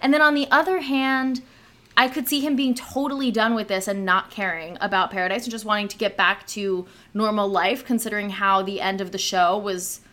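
Young woman, podcast co-host, animated, skeptical, casual swearing. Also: medium pitch, fairly quick. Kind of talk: casual gossip chat.

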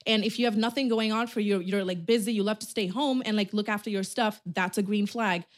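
A young woman co-hosting a podcast, talking candidly in a rambling, animated way about her own thoughts and habits. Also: mid-range voice, a little fast. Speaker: podcast co-host. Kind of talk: casual chat.

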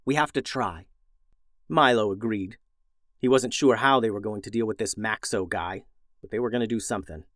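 A man narrating a scripted children's story in a gentle, expressive storytelling manner, as host of the show. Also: fairly low pitch, fairly quick, no echo, clean studio sound.

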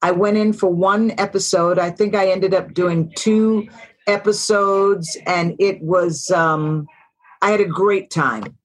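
A woman's voice: lowish voice, steady tone, slow. A woman in her sixties, a guest actress in an interview, telling stories in a reflective way and repeating phrases for emphasis. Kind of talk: casual interview talk.

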